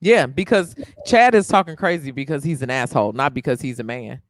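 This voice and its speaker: A woman's voice: a bass voice, fairly quick, no room sound, studio quality. A woman hosting a podcast in casual chat, blunt and emphatic, swearing freely. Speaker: podcast host.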